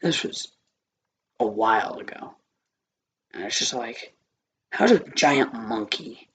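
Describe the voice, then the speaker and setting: Gravelly, rambling man reviewing movies. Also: medium pitch, animated, slow pace, long pauses, a bit bright. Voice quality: scratchy, gravelly voice. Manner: rambling, easily distracted, swears often.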